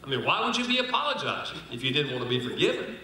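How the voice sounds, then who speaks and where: A man's voice: medium pitch, sing-song, rapid-fire, pushed and bright, a little hiss or hum. An older man speaking at a conference, teaching with stories and acting out the quoted lines, joking with the audience. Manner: storytelling, acts out quoted lines, jokes with the audience. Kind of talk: sermon-style teaching with anecdotes. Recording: roomy hall audio from a distant mic.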